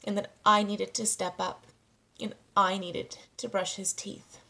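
A woman in her thirties, a parenting coach, talking candidly to camera, halting and close to tears. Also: mid-range voice, flat delivery, gravelly, bright, forceful tone. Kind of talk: personal vlog monologue.

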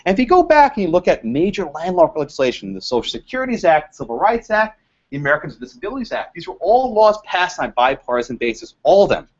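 A man giving a lively, joking law lecture to a live audience, quizzing the room and laughing at his own jokes. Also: on the high side. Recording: dull lo-fi lecture recording.

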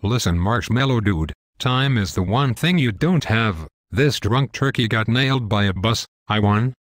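A pastor voicing a crude, gloating male demon who taunts and insults in a slow, deliberate way. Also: on the low side, expressive, dry recording, studio quality. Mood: taunting. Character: crude gloating male demon claiming a dying man's soul. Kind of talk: one-man dramatized dialogue.

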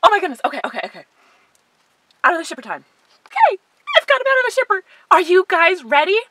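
A woman collector unboxing a doll in a vlog, gushing and squealing with excitement. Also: very high-pitched, fast talker, background noise.

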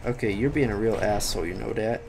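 Sleepy young guy doing let's play commentary late at night, bit gravelly, faint hiss, rambles and cusses. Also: fairly low pitch, fast. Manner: rambling, sleepy, swears and yells at the game. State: tired. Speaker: gaming commentator.

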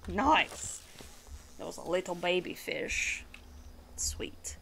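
A woman's voice: fairly low pitch, lively intonation, drawn-out words, gravelly, fairly bright tone, slight background noise. A woman streamer chatting casually while she plays a game, giggling often and sometimes slipping into a playful put-on accent-like voice. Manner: talks to chat and other players while playing. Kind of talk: casual live gaming chat.

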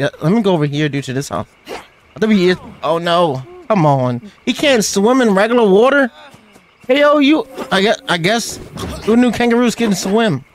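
A young man doing excitable, slangy let's-play commentary as he plays a game, often yelling at what happens on screen. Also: sits high. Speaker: gaming YouTuber.

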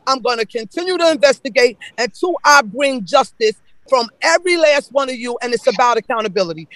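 High-voiced man giving fiery public comment. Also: animated, a little fast, hardly any pauses, bright, forceful tone, dry recording, low-quality recording. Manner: emotional, accusatory, repeating his points.

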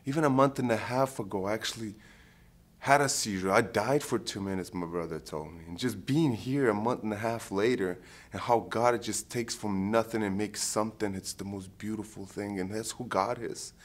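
A man of around thirty from Ukraine, giving an earnest, heartfelt personal faith testimony, often pausing to search for words. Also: fairly low pitch. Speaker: program participant giving testimony.

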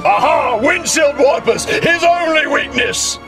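A man voicing a thug kidnapper who yells his lines. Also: extremely high pitch, lively intonation, unhurried, exaggerated voice. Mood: shouting. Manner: yelling, gruff orders. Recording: music bed loud under voice.

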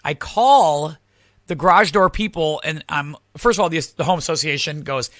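A man hosting a casual podcast chat, telling stories with an animated, ranting delivery. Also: fairly high pitch, normal speed, dry recording, studio quality. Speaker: podcast host.

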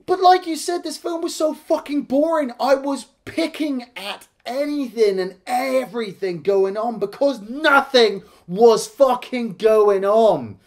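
A man's voice: extremely high pitch, measured pace, hardly any pauses. A man co-hosting a casual film review, ranting with exasperation and constant swearing. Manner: profane, exasperated, heavy swearing.

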